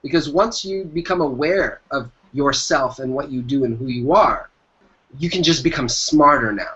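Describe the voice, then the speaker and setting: A man's voice: medium pitch, normal speed, sharp tone. Emphatic man with a dull lo-fi sound. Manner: emphatic, repeats key phrases. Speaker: entrepreneur guest. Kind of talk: motivational interview talk.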